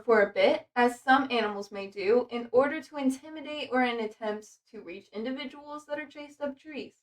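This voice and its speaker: A young adult woman with a fairly high, somewhat bright voice hosts a podcast, rambling casually from her notes, swearing freely and using plenty of fillers. She sounds distant from the mic.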